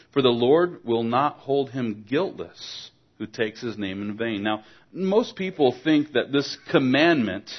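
Male preacher, mid-pitched, earnest exhortation, rhetorical questions, slightly muffled lo-fi sound. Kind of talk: sermon. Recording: dull lo-fi recording.

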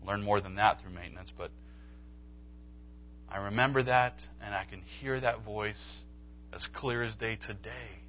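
Animated pastor preaching a sermon. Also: male voice, measured pace, long pauses, dull audio, slight background noise. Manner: animated storytelling, acts out dialogue with pitch jumps. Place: church sanctuary.

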